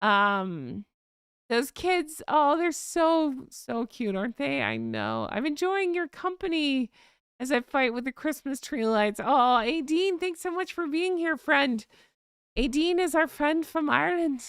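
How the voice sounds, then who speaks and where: Fast-chattering woman livestream host. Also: sits high, no room sound, clean studio sound. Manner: rapid, excitable chatter. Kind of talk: casual live chat. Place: home.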